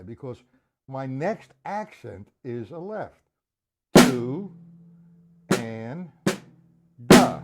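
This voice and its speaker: Lively-voiced man teaching drums. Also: mid-range voice. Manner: breaks patterns down step by step, counting beats aloud; speaks to chat viewers by name. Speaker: drum teacher. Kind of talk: live-streamed drum lesson.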